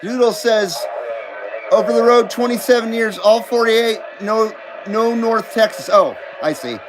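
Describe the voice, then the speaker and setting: A man's voice: sits high, unhurried, poor audio. A middle-aged man hosting a casual live stream, reading viewer comments aloud and bantering back, swearing freely. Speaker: livestream host.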